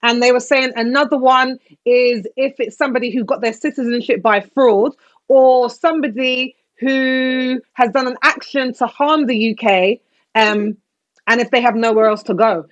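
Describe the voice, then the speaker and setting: A woman's voice: fairly high pitch, normal speed, muffled recording. A British woman, co-hosting a casual panel discussion and arguing her points with passion. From Britain. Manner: impassioned, talks herself onto a soapbox. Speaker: podcast co-host.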